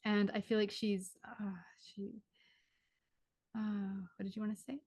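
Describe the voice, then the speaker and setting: A woman's voice: mid-range voice, flat delivery, unhurried, a little mellow, breathy edge, no room sound, clean studio sound. A woman working as a spiritual medium, giving a live reading over a video call in a rambling way full of "like" and restarts.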